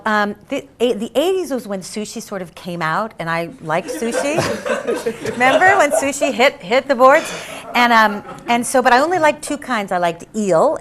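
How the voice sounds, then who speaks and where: A middle-aged woman from San Diego, telling a comic anecdote as a game show guest and jumping to high squeals when she quotes herself. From San Diego, California. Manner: animated, jumps to high squeals for quoted lines.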